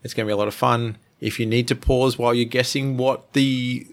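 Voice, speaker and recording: A man's voice: medium pitch, steady tone, fairly quick. Male host, casual podcast game, playful teaser with a ready laugh. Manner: playful, teasing, laughs often.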